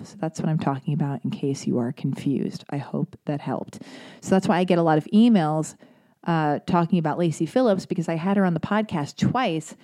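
Reading out emails from listeners, a woman hosting a podcast speaks in a lowish, dark voice. Her commentary is earnest and meandering, full of filler words.

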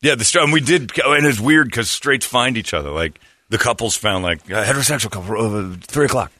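Talking fairly quickly in a mid-range voice, this talk show host sounds pushed and bright, with lively intonation. He's a radio host spinning a funny, meandering story, cutting himself off and cracking up at his own jokes. The studio-quality audio is dry.

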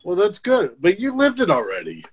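A man chats casually on a video call, his fairly high voice rising and falling in a lively way. His tone is relaxed and conversational. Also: moderate pace, breathy edge, low-quality recording. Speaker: show guest. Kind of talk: casual chat.

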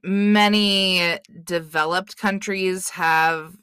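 A woman's voice: fairly low pitch, fairly even intonation, drawn-out words, bright, forceful tone, clear, resonant tone, dry recording, clean studio sound. A woman co-hosting a podcast, giggly and blunt, swearing freely in casual chat. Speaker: podcast co-host.

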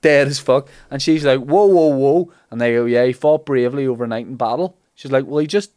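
A man retelling an old legend as comic chat, acting out the characters' lines in animated bursts. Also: medium pitch, fast, no room sound. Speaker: podcast host telling a legend.

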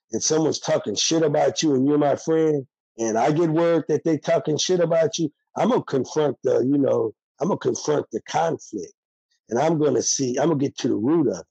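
A man's voice: medium pitch, vocal fry, mellow, breathy edge, dry recording, poor audio. An older man, a former prisoner, speaking bluntly and heatedly in a candid interview with a streetwise manner.

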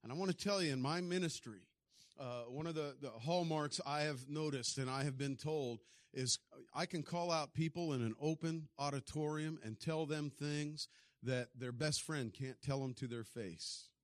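A man preaching a sermon, telling stories and acting out the people in them, often swinging from quiet to loud. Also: fairly high pitch, moderate pace, no room sound. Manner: storytelling, acts out voices with big swings in loudness.

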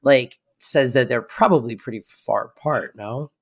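Co-host, mid-pitch, rambling reactions with strong emphasis. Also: normal speed, slightly rough. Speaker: podcast co-host. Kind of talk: casual TV recap chat.

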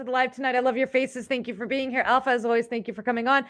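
A young adult woman hosting a casual live podcast, chatty and animated, laughing often and restarting her sentences. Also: on the high side, very fast. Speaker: podcast host. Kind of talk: casual live-stream chat.

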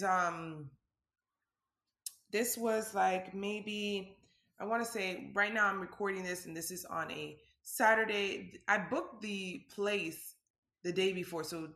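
A woman shares a personal story in a candid, conversational vlog. Her voice has a bright, forward edge at an everyday pitch. She drifts through casual filler words as she talks. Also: reverberant. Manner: open and conversational, frequent "like" fillers. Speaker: vlogger.

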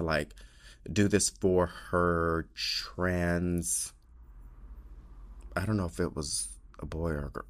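Low-voiced man, profane and expressive. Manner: expressive, profane, heavy use of "like". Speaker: podcast host. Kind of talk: casual chat.

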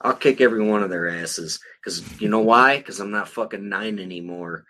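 A man's voice: lowish voice, normal speed, pushed and bright. A middle-aged man co-hosting a podcast, ranting in a blunt, heated and profane way. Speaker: podcast co-host. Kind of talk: casual profane rant.

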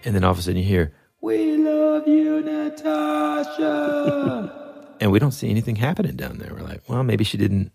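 A man casually telling a funny story, laughing often and acting out shouted lines. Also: fairly low pitch, very fast, gravelly, few pauses, breathy edge, no room sound, soft background music. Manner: animated, laughs often, acts out yells.

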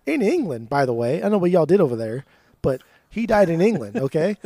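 This is an American man co-hosting a casual music podcast, swearing freely and teasing the others. His voice sits a little high for a man, and the sound is dry with no room echo. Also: a little fast. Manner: profane, teasing, animated storyteller. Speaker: podcast co-host. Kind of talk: casual chat.

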